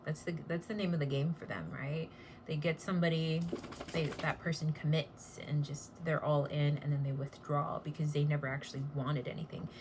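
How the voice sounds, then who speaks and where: A woman's voice: deep voice, level tone, normal speed, noisy background. A woman giving a casual tarot reading, blunt and chatty, with casual swearing. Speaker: tarot reader.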